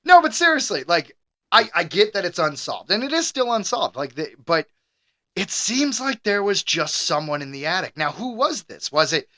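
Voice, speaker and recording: Animated joking man. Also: sits high. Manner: joking, animated, quick to interrupt. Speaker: podcast co-host. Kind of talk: casual banter.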